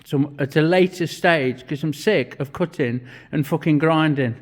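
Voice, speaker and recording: A man's voice: on the high side, measured pace. Sweary man in a workshop. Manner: blunt, swears a lot, chatty. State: out of breath at times. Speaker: vlogger and metal fabricator. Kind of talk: casual workshop vlog narration.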